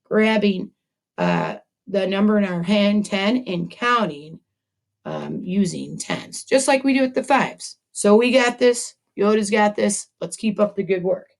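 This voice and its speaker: A woman's voice: mid-range voice, lively intonation, a little slow, creaky. A woman teaching a math lesson to second graders, upbeat and encouraging, chatting with a puppet as she goes. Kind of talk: video math lesson for children.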